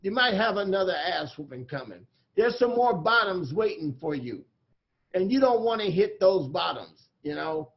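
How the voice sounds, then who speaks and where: A man's voice: high-pitched, very animated, normal speed, gravelly, muffled recording. A man giving a guest talk at a recovery meeting, telling jokes and stories in a folksy, earnest way over a video call. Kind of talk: storytelling talk.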